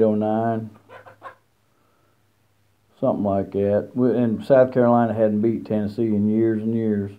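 Folksy man trash-talking, tinny phone sound. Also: lowish voice. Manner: folksy, teasing trash talk with many fillers. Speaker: college football fan vlogger. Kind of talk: casual rambling fan commentary. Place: outdoors at a chicken coop. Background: chickens clucking.

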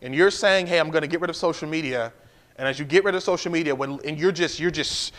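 A man's voice: fairly high pitch, fast talker, fairly bright tone. A male pastor preaching a livestream sermon in a conversational way, repeating key lines and stopping for asides to the congregation.

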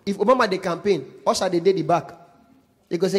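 A man with a Nigerian accent doing stand-up comedy, telling a story in an animated, pidgin-laced way. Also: high voice, fast, breathy edge. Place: live show venue.

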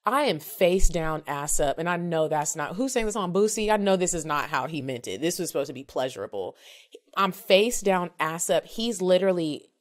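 A woman's voice: fairly low pitch, expressive, normal speed. A woman in her thirties telling a story frankly and with animation on a podcast, acting out both sides of the talk. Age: 30s. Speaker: podcast co-host. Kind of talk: casual storytelling chat.

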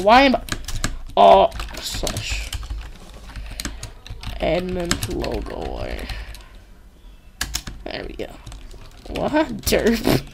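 A woman's voice: fairly high pitch, creaky, a little hiss or hum. Giggly rambling woman gaming. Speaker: gaming channel host. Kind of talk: casual let's-play commentary.

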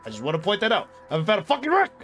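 A young man streaming a video game, rambling loudly to chat, swearing and bursting into yells. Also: high-pitched, wildly swooping pitch, rapid-fire, soft background music. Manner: loud, rambling and profane, bursts into yelling. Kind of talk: casual live-stream chat while gaming.

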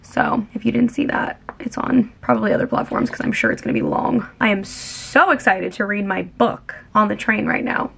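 Hoarse young woman, chatty vlog. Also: medium pitch, a bit bright. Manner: chatty, rambling, lots of "like". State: hoarse, voice mostly gone. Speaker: vlogger. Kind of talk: casual vlog chat to camera. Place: at home indoors.

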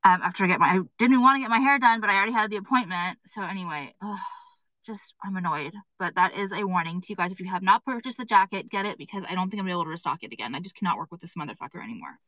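Woman, bright tense voice, dry close sound, rambling exasperated live-stream rant, lots of swearing. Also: medium pitch, expressive, racing, dry recording, low-quality recording. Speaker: fashion brand owner livestreaming to followers. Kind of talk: casual live-stream chat. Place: indoors at an appointment.

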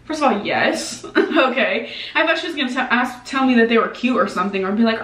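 Animated young woman in an echoey room. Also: fairly high pitch, quick pace, hardly any pauses. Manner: animated, profane, lots of "like" and reenacted dialogue. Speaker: vlogger. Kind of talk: casual storytelling vlog. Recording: echoey room, mic at a distance.

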